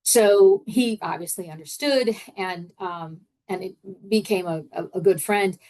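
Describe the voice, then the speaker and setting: A woman's voice: mid-range voice, measured pace, a little mellow. Middle-aged woman coaching in conversational talk. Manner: conversational, repeats words, acts out example phrases. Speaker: podcast host and leadership coach.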